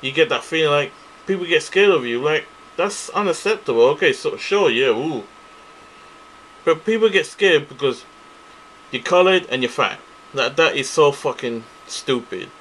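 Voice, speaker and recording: A man's voice: fairly high pitch, lively intonation, normal speed, fairly bright tone, a little hiss or hum, rough recording. A man ranting angrily to camera, profane and repetitive, circling back to the same complaints. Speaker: vlogger. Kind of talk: angry ranting monologue to camera.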